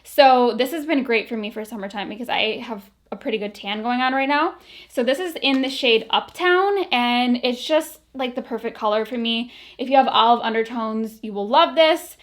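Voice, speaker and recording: A woman's voice: fairly high pitch, moderate pace. A woman vlogging casually about beauty products, chatty and full of fillers, a little out of breath. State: a bit out of breath.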